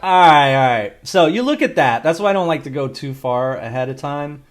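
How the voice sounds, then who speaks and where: A man's voice: fairly high pitch, animated, moderate pace. A man talking through a screen-recorded tutorial, rambling and thinking aloud with casual swearing. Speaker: video creator demonstrating an AI video tool.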